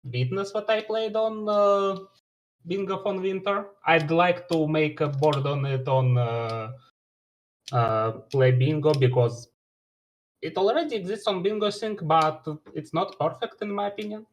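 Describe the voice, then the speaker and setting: A man's voice: fairly high pitch, a little slow, a little hiss or hum, poor audio. A man chatting on a stream, hesitant and searching for words. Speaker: player. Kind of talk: casual stream chat.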